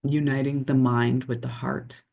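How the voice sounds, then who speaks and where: Slow, mellow retreat leader guiding a meditation. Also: medium pitch, little pitch movement, vocal fry. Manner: slow, soothing guided visualization. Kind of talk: guided meditation and casual sharing. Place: home room beside an altar. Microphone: computer on a video call.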